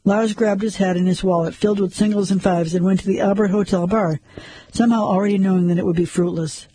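A man narrating a crime story like an audiobook, measured and suspenseful. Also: sits high, fairly even intonation, mellow, breathy edge, poor audio.

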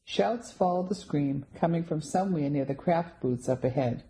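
A woman reads a first-person story aloud in a steady, scripted manner. Her voice is low and mellow, with a calm storytelling pace. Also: normal speed, a little hiss or hum, poor audio. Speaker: audiobook narrator.

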